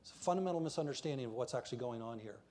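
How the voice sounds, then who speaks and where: A man's voice: mid-range voice, expressive, rapid-fire, a little mellow, slight background noise. A man preaching a passionate, emphatic sermon in a church while pointing to slides.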